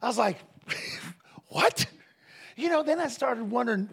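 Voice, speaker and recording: A man telling a story in a casual, animated way, laughing often and restarting his phrases. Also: very high voice, measured pace, breathy edge. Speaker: guest minister telling a story.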